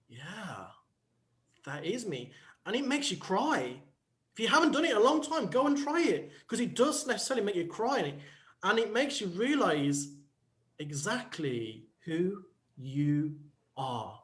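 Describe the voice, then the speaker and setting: A man's voice: sits high, very animated, normal speed, fairly bright tone. A man who works as a coach, talking on a panel show in a reflective, playful way and acting out quotes. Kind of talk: panel talk show chat.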